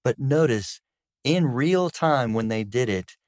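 A man's voice: mid-range voice, lively intonation, slow, darkish tone, dry recording. Middle-aged guy counselor, punchy emphatic delivery, dry close mic. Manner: emphatic, repeats "guess what" for emphasis. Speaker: marriage counselor and co-host. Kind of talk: conversational teaching on marriage.

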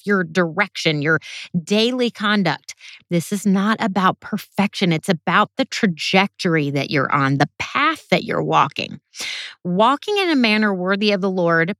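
A woman's voice: fairly low pitch, a bit bright, no room sound. Earnest woman teaching scripture, dry sound. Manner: earnest, emphatic, varying pace for stress. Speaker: Bible teacher. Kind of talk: sermon.

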